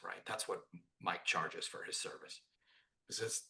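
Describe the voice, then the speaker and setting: A man, a sales trainer guest on a podcast, telling stories in a casual, animated way and acting out the dialogue. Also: medium pitch, normal speed. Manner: animated, acts out quoted dialogue, repeats "right?". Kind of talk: casual interview storytelling.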